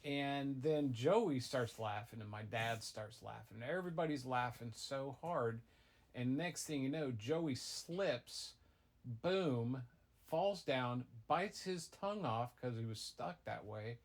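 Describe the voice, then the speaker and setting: A middle-aged man, a father improvising a goofy tall tale for his child, rambling with deadpan asides. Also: mid-range voice, takes it slowly. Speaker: father telling a bedtime-style story.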